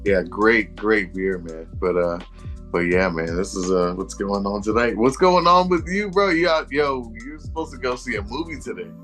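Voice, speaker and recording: A man co-hosting a podcast, talking in relaxed, slangy banter. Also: on the low side, normal speed, faint music behind. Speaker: podcast co-host. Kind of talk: casual chat.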